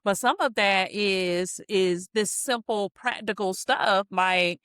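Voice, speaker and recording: A woman's voice: medium pitch, takes it slowly, a bit bright, smooth, no room sound. Woman, podcast guest, counselor and minister, earnest teacherly explaining, dry close mic. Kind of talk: candid podcast conversation.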